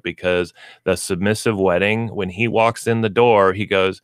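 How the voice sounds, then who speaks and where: With a deep, steady voice at a moderate pace, the host of a pet store radio show talks casually about pet training. The sound is clean, echo-free, and studio quality, and he explains in a folksy way by acting out dog and owner voices.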